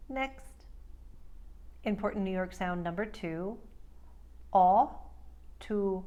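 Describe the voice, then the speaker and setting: A woman speech coach walks through accent sounds at an unhurried pace. She draws out each example word with careful enunciation, repeating vowels for comparison. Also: mid-range voice, warm tone. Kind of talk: accent tutorial.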